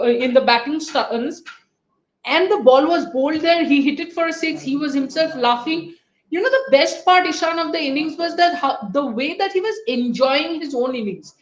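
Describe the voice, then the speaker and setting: A woman with a high voice hosts a live cricket analysis show, pausing often on fillers. Her audio sounds roomy and slightly dull, like a remote call. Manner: animated, hesitant fillers. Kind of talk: live post-match analysis.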